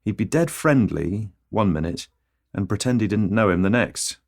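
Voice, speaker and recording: A middle-aged man hosting a comedy podcast, delivering a rambling, deadpan absurdist monologue that keeps interrupting itself. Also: on the low side, normal speed.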